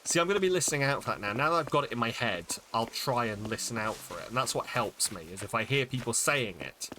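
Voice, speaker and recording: A man's voice: medium pitch, animated, fast talker, sharp tone, a little hiss or hum. A man streaming a game, chatting casually and thinking aloud as he sounds out Japanese words, with many fillers. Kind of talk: casual live-stream chat while reading Japanese.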